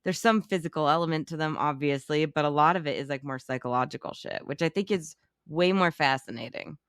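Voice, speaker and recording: A woman co-hosting a casual film podcast, talking animatedly and swearing freely, with her pitch jumping up when she gets excited. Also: brisk, clear, resonant tone, dry recording, studio quality. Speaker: podcast co-host.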